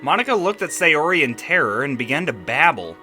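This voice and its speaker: A gaming streamer reading a visual novel aloud and reacting with profane, animated commentary. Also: medium pitch, a little fast, soft background music.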